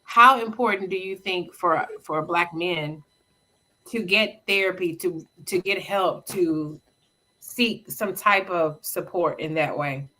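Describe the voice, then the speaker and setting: Woman, host, casual rambling questions, bright tense voice, car interior. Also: lowish voice, slow, low-quality recording. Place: inside a car.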